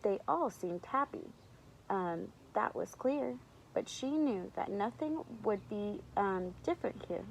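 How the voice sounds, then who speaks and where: A woman teacher reading a picture book aloud to young children, animated, stopping to ask them to guess. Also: medium pitch, takes it slowly, gravelly, slight background noise, low-quality recording. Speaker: preschool teacher.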